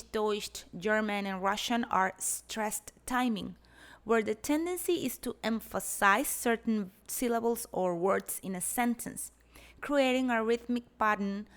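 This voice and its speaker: Measured woman lecturing. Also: medium pitch. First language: Spanish. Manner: measured, explanatory, demonstrates examples aloud. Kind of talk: academic lecture narration.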